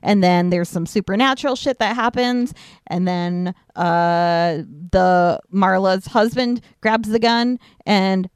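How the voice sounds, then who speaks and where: A woman's voice: mid-range voice, clear, resonant tone, no room sound, clean studio sound. A woman co-hosting a podcast, talking casually about a film, candid, laughing easily and swearing freely. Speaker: podcast co-host. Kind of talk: casual movie review chat.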